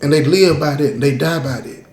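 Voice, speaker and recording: A man's voice: fairly high pitch, brisk, a little mellow, roomy sound. A man hosting his own show, telling a story in a casual, emphatic way, repeating points and talking straight to his listeners. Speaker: host, storyteller.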